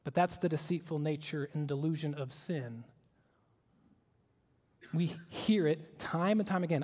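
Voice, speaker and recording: High-voiced preacher in a reverberant hall. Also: male voice, unhurried, pauses often. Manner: earnest, emphatic preaching with shifts to hushed tones. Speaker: pastor. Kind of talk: sermon.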